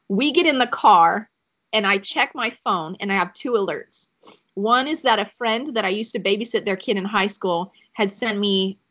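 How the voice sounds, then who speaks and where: A woman's voice: mid-range voice, a bit bright. Woman in her 30s sharing a faith testimony on a podcast, gets choked up, a bit dull sounding audio. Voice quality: emotional, choking up at times. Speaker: podcast guest.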